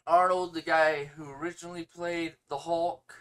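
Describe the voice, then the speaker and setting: A man's voice: a little high, normal speed, smooth. Stuffy-nosed man ranting on a podcast. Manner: animated, opinionated ranting with sarcasm. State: stuffy nose. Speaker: podcast co-host. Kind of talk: casual podcast banter.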